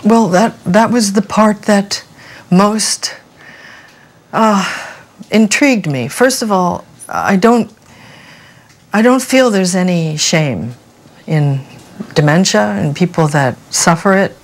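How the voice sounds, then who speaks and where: A woman in her sixties from New Jersey, an actress answering interview questions in an animated, playful way and laughing often. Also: mid-range voice, slow pace, long pauses. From New Jersey, USA. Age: 60s. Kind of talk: relaxed conversational interview.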